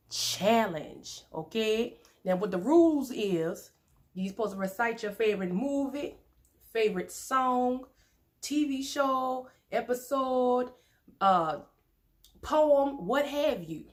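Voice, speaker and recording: A woman hosts an eating vlog, chatty and playful. Her voice sits a little high, and she laughs easily between bites. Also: expressive, takes it slowly. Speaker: mukbang vlogger. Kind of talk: casual chat while eating.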